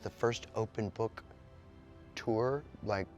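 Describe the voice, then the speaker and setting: Man, middle-aged, blunt, animated, swears, low voice. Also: takes it slowly, highs cut off, soft background music. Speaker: musician. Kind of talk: interview answers.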